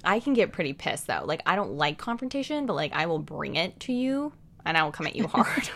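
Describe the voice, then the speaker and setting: A young woman co-hosts a podcast in casual, rambling chat, full of fillers and frequent laughs. Her low-pitched voice is very animated, a little fast, and fairly bright, with vocal fry.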